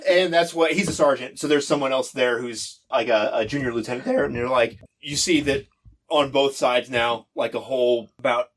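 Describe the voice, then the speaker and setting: A man running a tabletop role-playing game as game master, narrating in a halting, laughing way and briefly acting out side characters. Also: medium pitch, a little hiss or hum. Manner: halting, laughing, acts out soldiers' lines.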